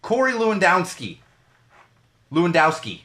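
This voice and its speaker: A man's voice: high voice, big pitch swings, measured pace, fairly bright tone, slight background noise. A man hosting a podcast live stream, ranting about the news in a profane, heated way and repeating phrases for emphasis. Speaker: podcast host. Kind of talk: solo live-stream rant. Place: small home studio.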